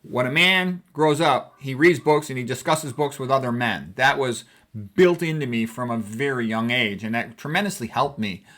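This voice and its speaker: A man's voice: medium pitch, moderate pace. A man in his sixties from the United States, a physician talking casually and rambling as he goes through old family photos. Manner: rambling, conversational, warm reminiscing. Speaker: physician vlogger.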